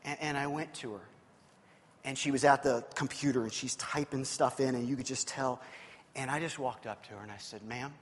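A pastor preaches a sermon, telling a personal story conversationally and restarting his sentences often. His voice is medium-pitched and a little fast, with long hall reverb and soft guitar music behind him.

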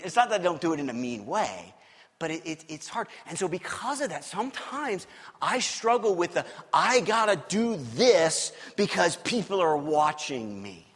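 A man's voice: sits high, fairly bright tone. A male pastor preaching a sermon in a candid, conversational way, asking his listeners questions. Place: church sanctuary. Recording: long hall reverb.

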